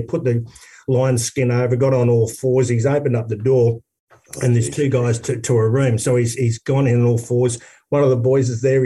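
An Australian man, a former rugby player, telling a lively story in casual conversation with many restarts. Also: medium pitch, slightly rough, far from the mic. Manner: animated anecdote teller, many restarts.

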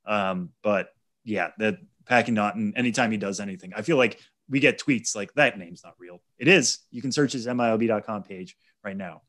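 Podcast co-host, male, lower voice, methodical stat-laden explainer. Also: fairly bright tone. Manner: measured, stat-heavy explaining. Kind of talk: casual sports chat.

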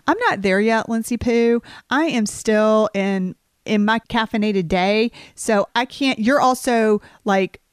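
A woman co-hosting a podcast, chatting casually and telling lively stories. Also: fairly high pitch, measured pace, smooth, no echo, studio quality. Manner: animated storyteller, acts out quotes. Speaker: podcast co-host, researcher.

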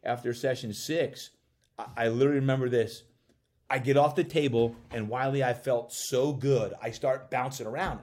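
A man, a coach and podcast guest, telling a personal story in an animated way and acting out bits of dialogue. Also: medium pitch. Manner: acts out dialogue in quick voices.

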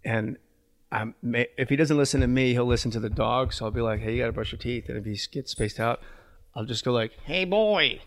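A man's voice: mid-range voice, level tone, quick pace. A comedian from New Jersey, a man, chatting on a podcast in a rambling, crude and frank way. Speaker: comedian guest. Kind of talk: casual podcast chat.

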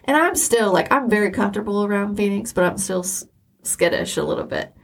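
A woman's voice: medium pitch, animated, a little fast, creaky. A middle-aged woman co-hosting a podcast, telling personal stories candidly and with emotion. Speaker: podcast co-host. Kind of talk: casual chat.

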